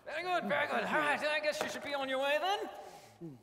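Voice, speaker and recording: A man's voice: very high-pitched, expressive, fairly quick, vocal fry, exaggerated voice. A man playing pompous Joseph with a fake posh accent. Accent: put-on posh British. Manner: pompous, theatrical, breaks into flustered asides. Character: Joseph, a grand official hiding his identity. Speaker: skit actor. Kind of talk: church kids' skit acting. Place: large church hall. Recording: echoey hall with noise.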